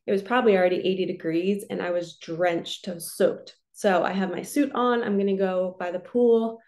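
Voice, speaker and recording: A woman, a spiritual coach, giving a relaxed, chatty card reading and talking her listeners through slow belly breathing. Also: mid-range voice. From New Jersey. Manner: relaxed, chatty, reassuring, lots of "like" and "so".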